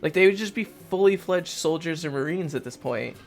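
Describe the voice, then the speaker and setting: A man's voice: a little high, lively intonation, moderate pace, faint music behind. Rambling, swearing gaming host, a man. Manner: rambling, profane, self-mocking. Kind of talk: casual let's play commentary.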